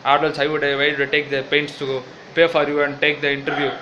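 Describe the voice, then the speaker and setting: A man with an Indian English accent playing a loud, pushy cricket mascot in a comic double-role sketch, rambling with many fillers. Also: fairly high pitch, monotone, fairly quick, lo-fi sound, background noise, lightly acted. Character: brash bossy cricket-league mascot named Jill.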